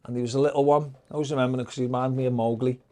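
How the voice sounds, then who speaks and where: A man's voice: mid-range voice, steady tone, rapid-fire, dark tone. A man with a Liverpool accent, a podcast guest telling stories in casual, heavily sworn talk, acting out the exchanges he quotes. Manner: heavy swearing, acts out quoted exchanges. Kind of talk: casual storytelling.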